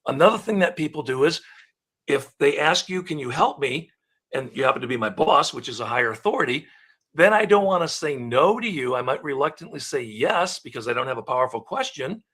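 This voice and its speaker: Husky animated male coach. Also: a little high, moderate pace. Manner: animated, acts out dialogue examples. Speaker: guest, question coach. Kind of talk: conversational coaching talk. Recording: live online show.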